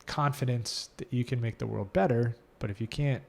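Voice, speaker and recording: A man's voice: mid-range voice, normal speed, gravelly. Chatty man hosting a podcast. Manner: opinionated, lively storyteller. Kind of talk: casual conversation.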